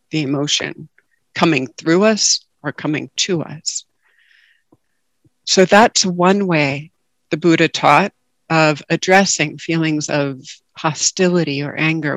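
A woman giving a calm, reflective dharma talk as a guest meditation teacher over a video call. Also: low-pitched, no echo.

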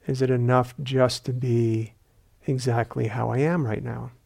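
A male meditation teacher giving a dharma talk in a retreat hall, reflective and unhurried with gentle humor. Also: medium pitch, flat delivery, creaky.

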